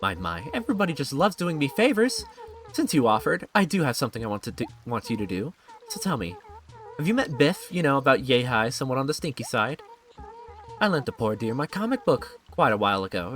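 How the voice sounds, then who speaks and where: A man's voice: medium pitch, fairly bright tone. A man voicing a snooty, prim female animal villager from a cartoon game, reading her lines aloud in a mild, slightly raised voice.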